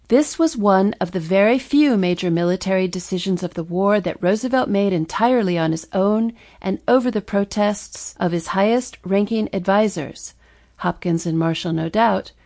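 A woman reading nonfiction history as an audiobook narrator, measured and deliberate, stressing pointed rhetorical questions. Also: mid-range voice, a little mellow.

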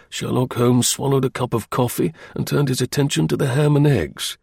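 A man narrates a story in a steady, even audiobook reading. His voice is gravelly and husky, in a mid range. The recording is dry and close. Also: medium pitch, brisk, hardly any pauses, no room sound.

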